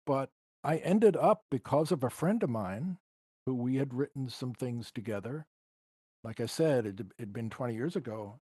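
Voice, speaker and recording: A man's voice: medium pitch, expressive, moderate pace, darkish tone, husky, dry recording. Reflective man guest, dry close sound. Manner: reflective, emotional storytelling. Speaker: guest musician. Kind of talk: storytelling interview.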